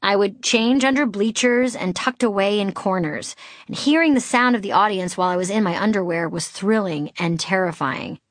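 A woman's voice: mid-range voice, normal speed, no room sound. A middle-aged woman from Boston reading her own memoir aloud, candid and wry with comic timing. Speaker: author narrating her memoir.

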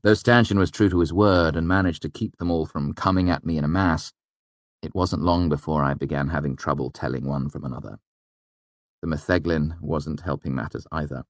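A man's voice: rumbling low, no echo. A man reading a first-person novel aloud as an audiobook narrator. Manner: expressive first-person storytelling. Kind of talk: scripted narration.

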